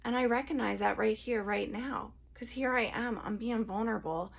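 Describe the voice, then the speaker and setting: A woman channeler and energy healer speaking to her viewers in an emotional, confessional vlog, hushed and sighing as she talks. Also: a little high, normal speed, gravelly.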